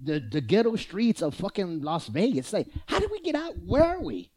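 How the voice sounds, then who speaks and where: A man chatting casually among friends, animated and laughing, swearing freely. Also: sits high, normal speed. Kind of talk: casual chat.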